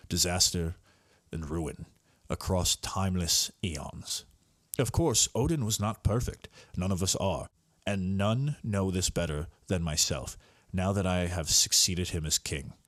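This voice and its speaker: A man's voice: low-pitched, dry recording, clean studio sound. A man reading lines as a noble thunder god king who speaks in solemn, archaic phrasing.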